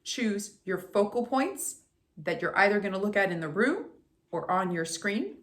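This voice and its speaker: A woman voice coach guiding a speaking warm-up in an upbeat, encouraging way, talking straight to the listener. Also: medium pitch, sing-song, measured pace. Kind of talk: guided warm-up instruction.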